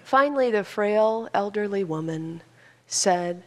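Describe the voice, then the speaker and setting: A woman minister preaches an earnest sermon with a storyteller's pacing. She often rises to fervent emphasis. Her voice has a noticeable gravelly fry. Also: lowish voice, a little slow.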